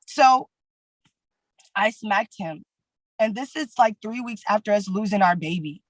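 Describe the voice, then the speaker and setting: A woman giving testimony at a court hearing, retelling events in a halting way with many fillers. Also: mid-range voice, dry recording, rough recording.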